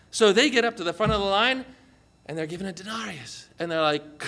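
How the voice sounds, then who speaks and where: A man's voice: sits high, fairly quick. A man preaching a sermon, telling a story vividly and drawing his listeners in with questions. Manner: animated storytelling with vivid dramatizing. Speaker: pastor.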